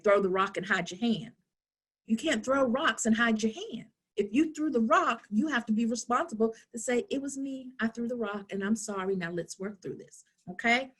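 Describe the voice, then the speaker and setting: A middle-aged woman giving a lively conversational talk at a town hall, asking rhetorical questions and acting out past conversations. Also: on the high side, husky. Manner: animated, asks rhetorical questions, acts out dialogues. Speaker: town hall speaker on youth.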